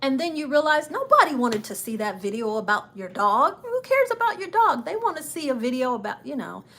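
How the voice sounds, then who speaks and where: A woman's voice: sits high, very animated, fairly quick, a bit bright. A woman hosting her own travel channel livestream, chatting and encouraging viewers in a casual, upbeat way with frequent laughs. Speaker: travel channel host and travel agent.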